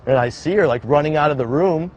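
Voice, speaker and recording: A young man recounting a personal survival story in a casual, halting way, with many "like" fillers. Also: on the high side, darkish tone, lo-fi sound. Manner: casual, halting, heavy use of "like". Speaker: survivor telling his story. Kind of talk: documentary-style personal account. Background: background music.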